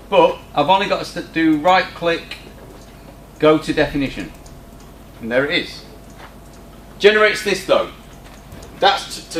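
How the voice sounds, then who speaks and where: A teacher walks through a screen-recorded coding tutorial in a chatty, informal way, tossing teasing asides to students in the classroom. His voice is a bit bright and sits a little higher than most men's. The room echoes, with a faint hum in the background.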